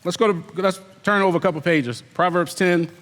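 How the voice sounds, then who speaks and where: In a large hall, a man preaches briskly as an elder, his high voice a bit bright. The sermon is emphatic and repetitive, full of rhetorical questions aimed at the congregation, with lazy excuses mimicked in put-on voices.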